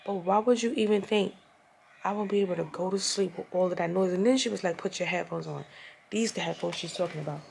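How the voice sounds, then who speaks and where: A woman's voice: medium pitch, fast talker, vocal fry, a little hiss or hum. A young woman telling a casual, exasperated and profane storytime rant as a vlogger, recorded at home. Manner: exasperated, profane, animated retelling.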